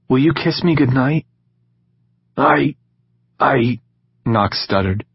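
A man narrating an audiobook in a calm, measured reading style. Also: lowish voice, slightly rough, highs cut off. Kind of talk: scripted narration.

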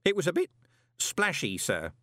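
A man's voice: a little high, huge pitch swings, moderate pace, sharp tone, no echo, clean studio sound, voice pushed up, heavily acted. A man voicing a fussy old male postal worker who babbles and quavers. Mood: babbling. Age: older.

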